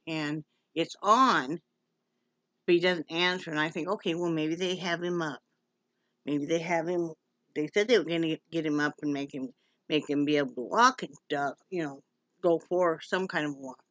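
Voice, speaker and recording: A woman's voice: low voice, a bit bright, no echo, muffled recording. A woman from Wyoming giving a rambling, emotional personal update at home, with many restarts. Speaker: vlogger.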